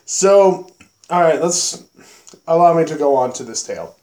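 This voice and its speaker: A man's voice: on the high side, expressive, moderate pace, a little mellow, roomy sound. A young man hosting a podcast, telling a story in a casual, profane way and acting out exclamations. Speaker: podcast host. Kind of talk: casual chat.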